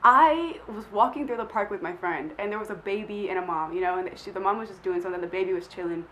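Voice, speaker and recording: A woman's voice: mid-range voice, fast talker, a bit bright, a little hiss or hum, low-quality recording. Rambling young woman vlogger. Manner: rambling, self-deprecating, lots of "like" fillers. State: sick. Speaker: vlogger answering questions. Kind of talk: casual chat.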